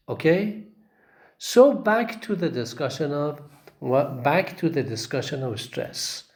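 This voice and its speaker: A man teaching a lecture class, speaking with an Arabic accent, halting and repeating himself with many fillers and frequent checks of "okay?". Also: on the high side, animated, darkish tone.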